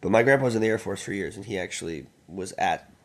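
A man as a podcast guest in casual chat, laughing through excitable stories. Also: deep voice, fast.

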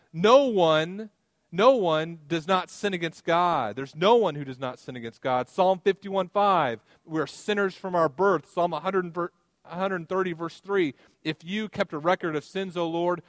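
A man preaches a sermon to his congregation, telling everyday stories with gentle humor. His voice sits somewhat high for a man and sounds close and dry, with little room echo. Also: normal speed. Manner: conversational preaching with personal anecdotes and light humor. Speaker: pastor.

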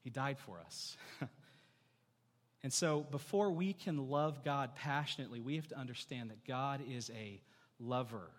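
A man's voice: mid-range voice, a little slow, in a large hall. A man in his thirties preaching a sermon as pastor, earnest, often restarting with repeated words and putting questions to the congregation.

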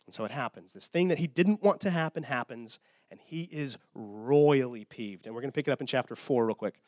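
A man preaching a sermon as a pastor, retelling a story in an animated, casual way with frequent "okay?" checks, a little tired from short sleep. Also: mid-range voice, brisk, no echo, clean studio sound.

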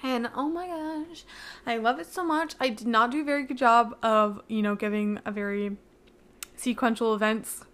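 A young woman with a slightly high voice runs her own podcast and recaps a book she loves. She rambles and gushes, and nearly every sentence is stitched together with "like.". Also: steady tone, normal speed, a bit bright. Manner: rambling, gushing, heavy use of "like". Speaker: podcast host.

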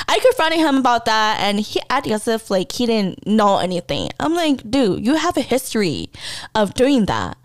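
A young woman hosting a podcast, telling a personal story in a blunt, profane and animated way. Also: a little high, moderate pace, dry recording. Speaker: podcast host. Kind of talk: casual storytelling monologue.

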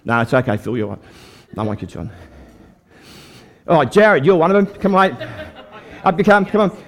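Speaking briskly in a fairly high register, this older Australian preacher shares a homespun tale of faith. It's a testimony sermon given live in church, full of folksy charm and lively exchanges with the congregation.

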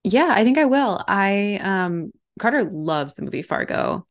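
A woman's voice: medium pitch, animated, measured pace. A young woman co-hosting a podcast, chatting casually in an upbeat way with frequent laughs. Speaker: podcast co-host. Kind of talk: casual chat.

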